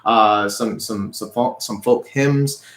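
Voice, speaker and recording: A man's voice: on the low side, slow pace, a bit bright. Patient man teaching guitar, echoey room. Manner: patient, repeats himself, counts beats aloud. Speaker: music teacher. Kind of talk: online guitar lesson. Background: guitar playing.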